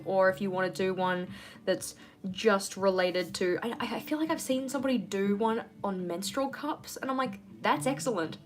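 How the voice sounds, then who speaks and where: Woman, livestream host, casual chatty talk, candid, ranty, guitar music behind. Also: fairly low pitch. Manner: chatty, candid, rants and laughs readily. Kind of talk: casual live chat while journaling.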